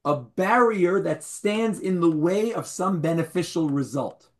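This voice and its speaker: A man's voice: high-pitched, animated, a little slow. A man teaching a Torah class to a live group, quizzing his listeners, repeating key words and adding wry humorous asides.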